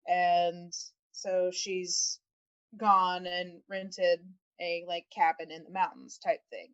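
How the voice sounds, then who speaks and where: A woman's voice: mid-range voice, clean tone, highs cut off. A woman co-hosting a podcast, chatting casually and laughing often, with plenty of fillers. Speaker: podcast co-host.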